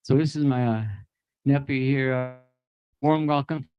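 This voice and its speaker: A man's voice: medium pitch, little pitch movement, unhurried, lo-fi sound. A man from the Apache nation, emceeing a dance at an outdoor festival, friendly and teaching, getting the crowd to repeat words. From Apache nation, North America. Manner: friendly, teaching, gives the audience phrases to repeat.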